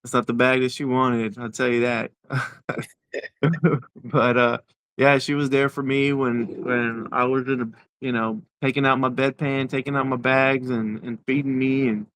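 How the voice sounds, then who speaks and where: A man in his forties, an interview guest telling his personal story in a halting way, repeating words as he goes. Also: medium pitch, little pitch movement, a bit bright, no room sound.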